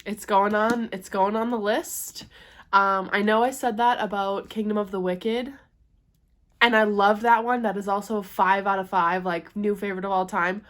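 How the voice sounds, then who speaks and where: Gushing young woman book vlogger. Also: mid-range voice. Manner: gushing and excitable, quick to squeal. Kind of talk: casual vlog chat. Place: at home.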